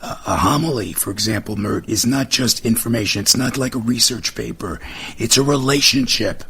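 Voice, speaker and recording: A man's voice: mid-range voice, moderate pace, a bit bright, husky. A man co-hosting a talk show, arguing earnestly and insistently in a heated debate. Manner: earnest, insistent, talks over others. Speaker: co-host.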